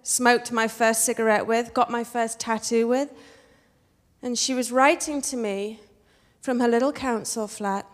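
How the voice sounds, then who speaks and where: A young English woman from England, telling a story on stage with a wry, animated, punchy delivery. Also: a little high, measured pace. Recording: reverberant hall.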